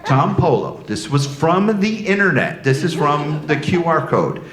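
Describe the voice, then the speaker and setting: Male con moderator, jittery and starstruck, lively swooping pitch, echoey hall with noise. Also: unhurried. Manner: nervous, gushing, laughing. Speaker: panel moderator. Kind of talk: excited live panel hosting. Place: convention hall stage.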